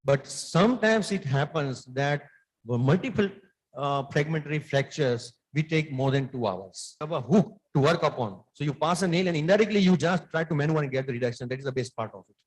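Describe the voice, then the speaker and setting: A man's voice: on the high side, lively intonation, fairly quick, low-quality recording. A middle-aged man, a surgeon answering conference questions in an emphatic, lecturing way.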